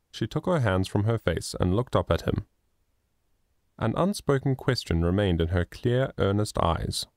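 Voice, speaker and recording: A man narrating a moral children's story in a measured, expressive reading. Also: lowish voice, no echo, clean studio sound. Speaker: audiobook narrator.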